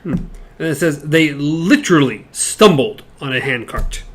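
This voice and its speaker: A man co-hosting a casual book discussion podcast, reading passages aloud haltingly with stumbles and side comments. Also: a little high, expressive, husky. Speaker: podcast co-host.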